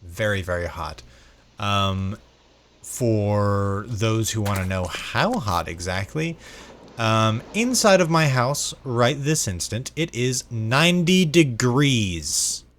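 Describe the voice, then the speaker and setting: Rambling low-voiced American man. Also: animated, slow pace, fairly bright tone. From United States. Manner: meandering, repeats words, chatty asides to viewers. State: sleep-deprived. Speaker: gaming vlogger. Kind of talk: rambling casual gameplay chat.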